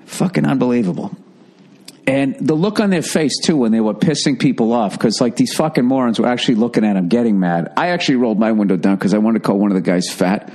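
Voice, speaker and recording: A man with a mid-range, slightly mellow voice talks fast and expressively. He's a podcast host riffing alone in a rambling, sarcastic, profane comedic monologue.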